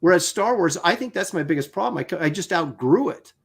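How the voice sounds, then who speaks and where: A middle-aged man talks over a video call in a loose, rambling way, often restarting his sentences and padding them with fillers. His voice sits a little on the high side. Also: animated, fast, creaky, husky. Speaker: co-host of a crowdfunding livestream. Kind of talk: casual chat.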